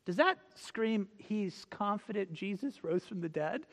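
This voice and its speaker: A male preacher giving a sermon, telling stories, acting out quotes and reading scripture slowly. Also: high-pitched, animated, fairly bright tone, in a large hall. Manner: storytelling, acts out quotes, reads scripture slowly.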